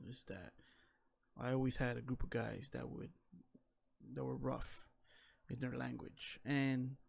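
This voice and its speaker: Candid man, gravelly edge, mid-pitched, casual personal storytelling with loose fillers. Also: darkish tone. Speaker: vlogger telling his own story.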